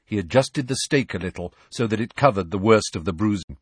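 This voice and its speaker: A man narrating a story with expressive storytelling. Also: on the low side, fairly quick, few pauses, husky, no room sound, clean studio sound. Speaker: audiobook narrator. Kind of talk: scripted narration.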